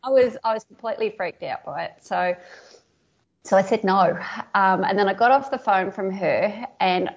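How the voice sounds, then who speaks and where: An Australian woman, a guest embroidery artist, telling a story in an animated way, laughing often and acting out what people said. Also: medium pitch, normal speed, dull audio. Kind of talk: podcast interview storytelling.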